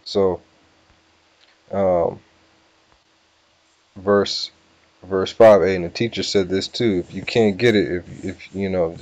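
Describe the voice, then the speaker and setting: A man teaching a scripture lesson, casual and repetitive, sounding out words slowly. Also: sits low, steady tone, darkish tone, no room sound, dull audio. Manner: casual, repeats "all right" and "you know", sounds words out slowly. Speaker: bible teacher. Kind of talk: scripture lesson with word-by-word breakdown.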